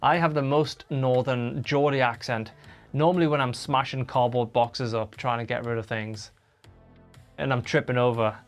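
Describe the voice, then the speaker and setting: A woman's voice: very deep voice, fairly even intonation, moderate pace, faint music behind. A woman live-streaming from a home room, chatting casually and reading viewer comments aloud as she answers them.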